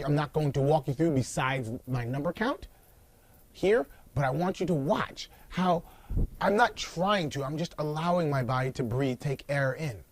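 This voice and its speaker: A man's voice: a little high, a little mellow, no echo. A middle-aged man coaching viewers through a breathing exercise while seated on the floor, acting out worried clients and counting the breaths aloud. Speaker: anxiety and body coach. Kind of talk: instructional video talk.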